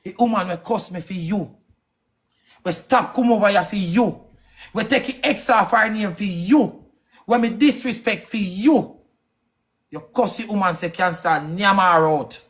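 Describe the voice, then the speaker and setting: A man with a Jamaican accent delivering a heated, accusing rant on a live stream, firing off questions. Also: high-pitched. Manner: angry, accusing, rapid-fire questions.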